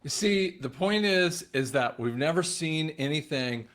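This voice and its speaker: A man's voice: fairly high pitch, lively intonation, a little slow, a bit bright. A male host giving casual political commentary, talking straight to his viewers. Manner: casual, addresses viewers as guys.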